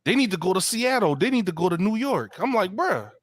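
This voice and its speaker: A man's voice: high voice, sing-song, brisk, no room sound, studio quality. A man co-hosting a casual sports chat, laid-back and chiming in with short agreements. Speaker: co-host.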